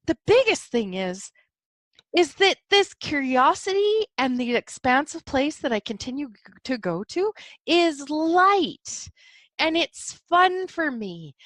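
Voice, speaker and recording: Middle-aged woman, solo podcast host, chatty and rambling, highish voice, dry close mic. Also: fairly bright tone, dry recording. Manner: chatty, enthusiastic, rambling with many fillers. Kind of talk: solo casual podcast monologue.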